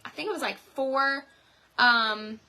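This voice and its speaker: A woman's voice: high-pitched, takes it slowly, pushed and bright, slight background noise. A woman, rambling and chatting directly to viewers in a motivational live stream from home. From North Carolina. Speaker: direct sales team leader.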